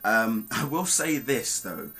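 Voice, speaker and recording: Animated man reviewing a film. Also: fairly low pitch, slow pace, poor audio. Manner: animated and emphatic, talks straight to viewers, frequent ums. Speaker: movie reviewer. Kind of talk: casual spoken film review.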